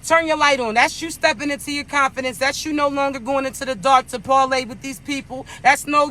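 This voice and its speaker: Blunt, sassy man with a very high voice. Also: bright, forceful tone. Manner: blunt, profane, scolding, sassy. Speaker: spiritual content creator. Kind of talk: casual spiritual pep talk.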